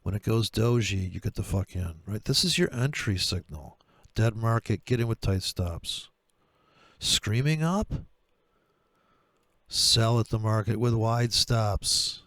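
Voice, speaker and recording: A man talking through trading charts in a profane, sarcastic rant, with a gravelly voice. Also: lowish voice, expressive, slow pace, fairly bright tone, dry recording. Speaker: trader. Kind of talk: screen-share trading commentary.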